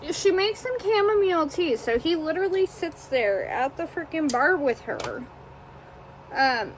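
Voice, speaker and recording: A woman, a book reviewer, chats casually about a book she read, rambling, swearing, and using lots of fillers. Her voice sits high and is expressive, a little slow. The poor-quality audio has slight background noise.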